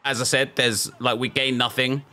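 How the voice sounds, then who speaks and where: A young man talks through his own football match as he plays, in loose, casual commentary. His voice has a bright, forceful edge, and he swings between excited cheers and frustrated muttering at his own mistakes. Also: medium pitch, moderate pace, some chatter behind. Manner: excitable, frustrated outbursts, self-talk while playing. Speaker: video game streamer.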